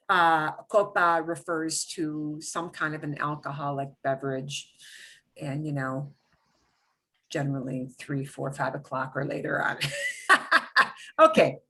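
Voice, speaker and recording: A woman's voice: low voice, fairly even intonation, a little slow, pauses often, sharp tone. A woman teaching a beginner Spanish class, patiently explaining sounds step by step and repeating words for students to echo. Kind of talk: beginner language lesson.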